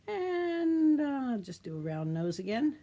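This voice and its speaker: A middle-aged children's librarian leads a storytime craft demo, speaking gently in a sing-song, teacherly manner and asking the little ones questions. Her voice sits high with big pitch swings, she talks slowly, and the sound is lo-fi.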